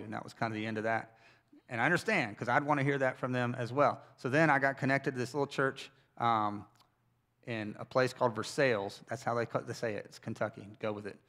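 A man's voice: mid-range voice, steady tone, fairly quick, a bit bright. A man who is a pastor, preaching a sermon in a conversational, storytelling way with wry asides to his church. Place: church service.

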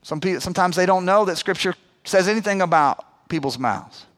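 A man's voice: high voice, expressive, brisk, a bit bright. A man in his forties, a pastor preaching a sermon in a conversational, emphatic way, acting out quotes as he goes.

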